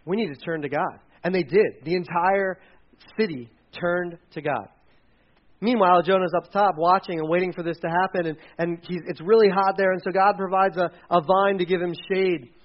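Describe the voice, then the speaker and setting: A man's voice: high-pitched, normal speed, highs cut off. A male pastor giving a sermon in a church, telling stories with animation and acting out quotes. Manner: animated storyteller, acts out quotes.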